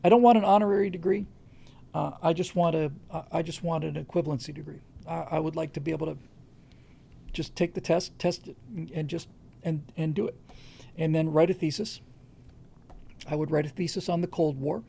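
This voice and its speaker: A man's voice: fairly high pitch, steady tone, fairly quick, gravelly, long pauses, warm tone, slight background noise. A man hosting a livestream, answering viewer questions in casual, rambling talk with frequent restarts. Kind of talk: casual unscripted commentary.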